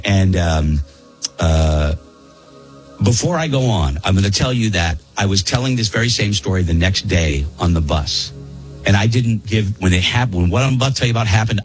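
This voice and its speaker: A man's voice: sits low, expressive, moderate pace, faint music behind, low-quality recording. A man casually telling a story to friends on a podcast, rambling and restarting his sentences. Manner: rambling, self-interrupting, repeats words while telling.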